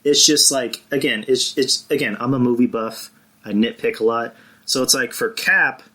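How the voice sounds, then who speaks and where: Bright-voiced man rambling on a podcast. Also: fairly low pitch, slightly rough. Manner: rambling, restarts often, casual swearing. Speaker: podcast co-host. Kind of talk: casual podcast chat.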